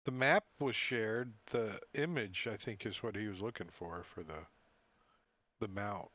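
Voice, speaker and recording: A man playing a tabletop game, talking in a measured, wry way in and out of character. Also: fairly low pitch, bright, forceful tone, dry recording, muffled recording. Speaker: player. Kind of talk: casual tabletop play and in-character talk.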